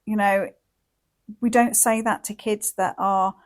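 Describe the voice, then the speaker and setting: A woman hosting a wellbeing podcast speaks into a microphone in a gentle, reflective monologue. Her pitch is middling for a woman and her pace is notably slow, loose with "like" and "you know" fillers. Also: fairly even intonation. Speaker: podcast host and wellbeing coach.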